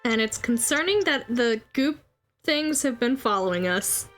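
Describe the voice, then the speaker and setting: A woman's voice: on the high side, lively intonation, measured pace, fairly bright tone, faint music behind. A woman player chatting casually in a rambling, giggly way. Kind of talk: casual chat between players.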